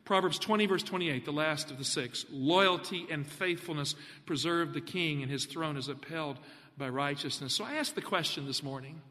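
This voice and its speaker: A man preaching a sermon, animated, putting questions to the congregation. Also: on the high side, normal speed, long reverb tail.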